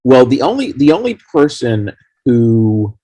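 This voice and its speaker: A man being interviewed as a guest, telling long rambling stories about making his film in a casual, animated way. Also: medium pitch, a little slow, no echo. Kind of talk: casual anecdotal storytelling.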